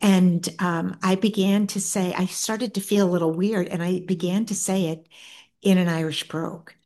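A middle-aged woman, an author and guest, tells a personal story in a soft, earnest way, often stopping and restarting her sentences. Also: on the low side, fairly even intonation. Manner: soft-spoken, earnest, halting with many restarts.

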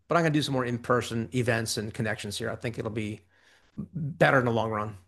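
Guy on an interview, lively and fast, acts out little quotes, mid-pitched voice. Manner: animated, quick bursts, acts out quoted reactions. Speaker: interview guest, ghostwriting business owner. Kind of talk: conversational interview.

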